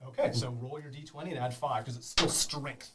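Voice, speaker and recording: A man running a tabletop game for beginners as game master, animated, laughing and making sound effects. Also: mid-range voice, a little fast, recorded from a distance, very noisy.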